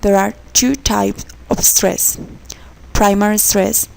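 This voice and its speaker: Woman, pronunciation lesson read aloud, gravelly voice, careful example words. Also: mid-range voice, steady tone, slow pace, a little hiss or hum, low-quality recording. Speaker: student presenter.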